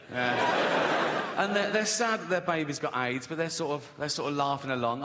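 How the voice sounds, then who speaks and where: A man's voice: a little high, normal speed, bright, forceful tone. A man in his sixties with an English accent, doing a sardonic stand-up routine and acting out little voices. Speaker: stand-up comedian. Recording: live arena reverb, faint noise.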